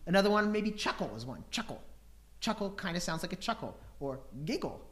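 A man's voice: high voice, sing-song, brisk, a bit bright. A man preaching a sermon, teaching scripture with rhetorical questions and acting out voices and laughter.

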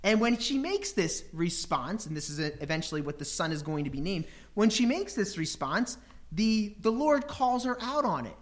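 A man preaches a sermon in an animated way, leaning into rhetorical questions. He acts out voices and bursts of laughter to make his points. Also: sits high, moderate pace. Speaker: preacher teaching scripture.

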